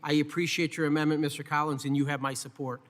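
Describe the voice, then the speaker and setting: A man's voice: on the high side, little pitch movement, fast talker, fairly bright tone. A man from Texas giving short, blunt, enthusiastic remarks at a committee markup. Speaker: committee member. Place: large hearing room. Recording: distant mic, long hall reverb.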